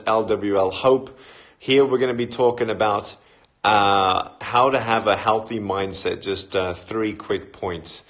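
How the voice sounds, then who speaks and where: A middle-aged Australian man chatting casually on a phone livestream, greeting viewers by where they are and filling pauses with ums and uhs. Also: lowish voice, a bit bright. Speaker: motivational speaker. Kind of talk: casual live-stream chat.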